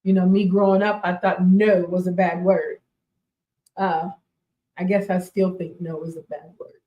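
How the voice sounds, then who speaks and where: A woman's voice: fairly low pitch, level tone, normal speed, highs cut off. A woman in her forties hosting a faith-based talk show, speaking emphatically, repeating her key points and laughing often. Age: 40s. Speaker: radio show host. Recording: roomy echoey sound.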